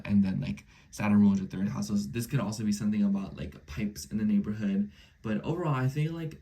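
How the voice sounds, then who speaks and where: Man, sick-ish, mellow and husky, loose chatty tarot reader who drifts into whispers. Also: on the low side. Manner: rambling, many filler likes, slips into soft whispers. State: a little sick. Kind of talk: casual horoscope reading.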